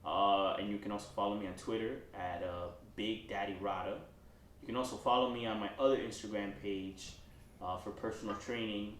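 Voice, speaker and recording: A man's voice: lowish voice, steady tone, fairly quick, fairly bright tone, reverberant, far from the mic, slight background noise. A young man co-hosting a casual comedy podcast, acting out both sides of his stories with lots of cursing and laughter. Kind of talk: casual storytelling chat.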